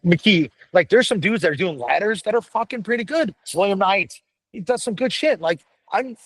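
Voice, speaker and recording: A middle-aged man with a gruff voice, pitched a little high, talks bluntly and profanely in an animated, casual chat. He sounds close and dry, with no room around him. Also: dry recording, low-quality recording. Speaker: podcast guest, firefighter paramedic.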